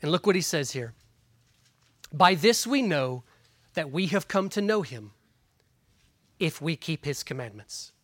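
A pastor preaching a sermon and reading scripture aloud, earnest and emphatic, dropping into quiet asides and guiding listeners through Bible passages. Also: mid-range voice, sing-song, a little slow, pauses often, no echo. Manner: earnest, emphatic, shifts between loud stresses and quiet asides.

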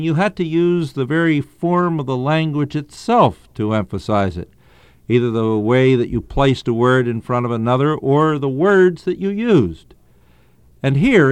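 A man giving an earnest radio Bible teaching, stressing key phrases and slowing down on them. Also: medium pitch, darkish tone, clean tone, dry recording.

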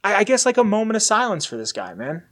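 A man's voice: high voice, wildly swooping pitch, fast, a bit bright. A man in his twenties hosting a podcast, chatting candidly in a rambling, casually profane way. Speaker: podcast host. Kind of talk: casual chat.

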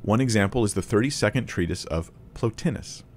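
A man's voice: on the low side, expressive, brisk, a little hiss or hum. A man teaching a Bible lesson to camera in a casual, conversational way, thinking aloud with restarts and small laughs.

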